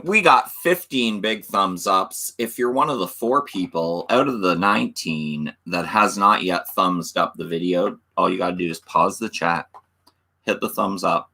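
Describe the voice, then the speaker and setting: A middle-aged man hosts a casual livestream, greeting viewers and reading their comments aloud. His voice sits low and unhurried yet carries a bright, forceful edge. He slips into playful auctioneer-style banter. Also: vocal fry. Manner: reads chat aloud, mock auctioneer banter. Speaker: livestream host.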